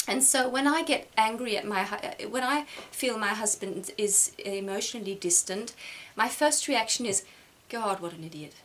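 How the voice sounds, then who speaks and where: A middle-aged woman sharing a personal reflection in a halting way, with many restarts, close to tears. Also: on the high side, fairly bright tone, a little hiss or hum. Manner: halting, repeats words, emotional. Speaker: vlogger.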